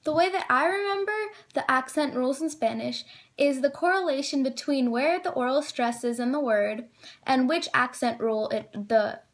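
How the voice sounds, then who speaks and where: A woman explaining a lesson, slowing down carefully on each example word. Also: high voice, slight background noise. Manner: careful, slows down on example words.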